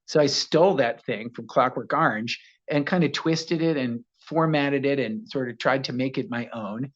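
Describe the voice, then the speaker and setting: An American man, an actor, telling animated anecdotes as a guest, slipping into voices as he goes. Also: mid-range voice, moderate pace, highs cut off. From United States. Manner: animated storyteller, slips into voices. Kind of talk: casual interview anecdote.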